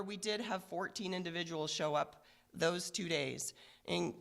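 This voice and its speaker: Hoarse, gravelly-voiced woman police commander, earnest press briefing, halting with fillers. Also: on the low side. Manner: measured, earnest, with frequent fillers. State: hoarse, recovering from illness. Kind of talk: press conference statement.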